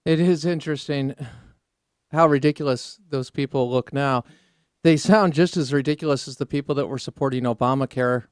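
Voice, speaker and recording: A man's voice: mid-range voice, normal speed, clear, resonant tone, no room sound, clean studio sound. A man hosting a political talk radio show, combative and sarcastic, rambling through asides. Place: radio studio.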